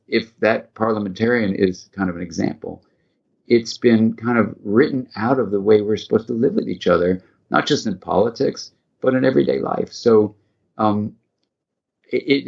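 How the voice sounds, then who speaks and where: A man's voice: medium pitch, moderate pace, vocal fry, darkish tone, muffled recording. A middle-aged man, a psychiatrist guest in an interview, speaking in an earnest, reflective way and acting out quoted dialogue as he tells a story.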